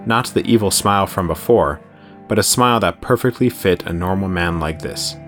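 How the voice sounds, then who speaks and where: A man narrating a dark horror story in a steady, even storytelling voice. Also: deep voice, normal speed. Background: faint music.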